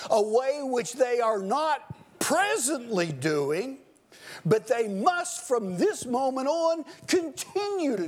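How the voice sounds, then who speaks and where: Man, preacher, sermon, high voice, very animated pitch, slow measured delivery, emphatic teaching. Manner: emphatic, explanatory teaching with sudden loud stresses. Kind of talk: expository sermon.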